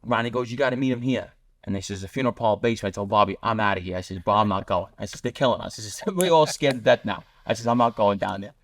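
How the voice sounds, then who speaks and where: A podcast guest spins blunt street stories at a rapid pace, voicing the people in them through quotes. His voice is lowish and steady, with a slightly bright quality.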